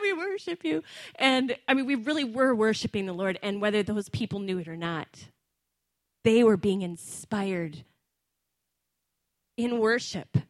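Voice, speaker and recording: A middle-aged woman gives a sermon in a voice pitched a little high, earnest and conversational, with casual fillers between her points. The sound is close and dry, with no room echo around her. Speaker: preacher.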